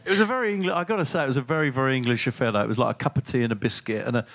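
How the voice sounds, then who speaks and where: A man's voice: mid-range voice, racing, a bit bright. A man in his sixties, a guest singer reminiscing in an interview with a rambling, self-deprecating manner.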